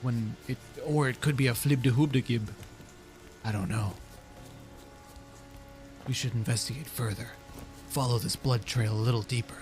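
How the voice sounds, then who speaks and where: A man chatting casually on a stream, musing in a rambling, deadpan way. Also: medium pitch, moderate pace, pauses often, faint music behind.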